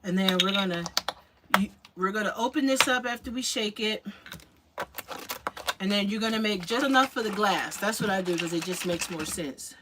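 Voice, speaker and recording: A woman's voice: medium pitch, moderate pace. A woman talks to her viewers in an easy, chatty way while she makes a drink in her kitchen. She sounds a little out of breath. There is a noisy background under her voice. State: slightly out of breath. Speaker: vlogger. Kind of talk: casual livestream chat. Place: home kitchen. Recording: noticeable background noise.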